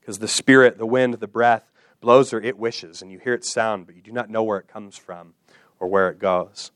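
A man's voice: lowish voice, fairly even intonation, normal speed, no echo, clean studio sound. A man preaching in repeated, rhythmic phrases. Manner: repetitive, rhythmic phrasing that builds and settles. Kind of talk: expository sermon.

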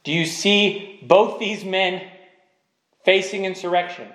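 A man's voice: high-pitched, fairly even intonation, slow pace, fairly bright tone, reverberant. A man preaching a sermon, pressing his point with repeated rhetorical questions.

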